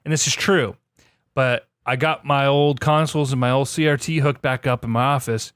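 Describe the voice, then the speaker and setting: With a smooth, mid-range voice at normal speed, this man co-hosts a laid-back gaming podcast. He spins energetic, animated stories peppered with frequent swearing, captured in clean studio audio with no room sound.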